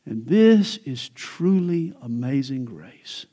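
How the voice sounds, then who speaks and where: A man's voice: fairly high pitch, expressive, measured pace, darkish tone. A male pastor preaching a sermon, telling jokes and stories, then building to fervent emphasis.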